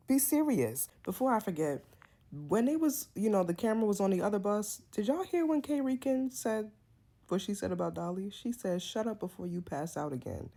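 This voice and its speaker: A young woman from Brooklyn, giving a blunt, animated, casual review of a reality show. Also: lowish voice. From Brooklyn, New York. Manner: animated, sassy, blunt commentary with quick asides. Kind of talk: casual episode review vlog.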